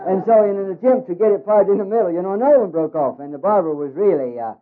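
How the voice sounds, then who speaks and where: A man's voice: high-pitched, quick pace, few pauses, some chatter behind, a little hiss or hum. A man giving a humorous talk as a ministry worker, in a folksy way with many hesitations. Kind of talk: humorous speech with jokes. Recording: tinny phone-like radio recording.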